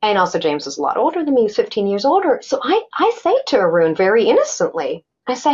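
A woman telling a personal story in an interview, animated and acting out the voices she quotes. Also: medium pitch, quick pace, few pauses, husky. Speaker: guest. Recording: dull lo-fi sound.

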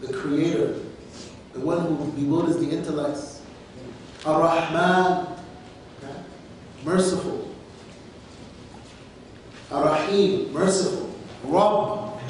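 A man's voice: fairly high pitch, recorded from a distance, slight background noise. A man teaching the grammar of a scripture passage, explaining it patiently and drawing out key phrases. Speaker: Islamic teacher. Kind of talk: Quranic grammar lesson. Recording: echoey room, recorded from afar.

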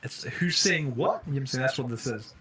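A man doing casual live-stream commentary while playing a game, jokey and excitable, swearing when startled. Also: mid-range voice, a little fast, noisy background.

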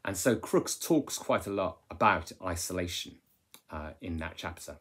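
A man explains a novel in a relaxed lesson style, often ending points with tag questions. His voice is low and husky. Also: moderate pace. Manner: conversational, asks rhetorical tag questions; restarts and fillers while explaining. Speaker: English literature teacher.

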